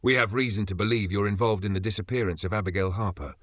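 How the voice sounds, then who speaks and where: A man's voice: on the low side, fast talker, fairly bright tone, no room sound, studio quality. A man voicing a stern female detective. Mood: urgent. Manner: firm, commanding, slightly breathless.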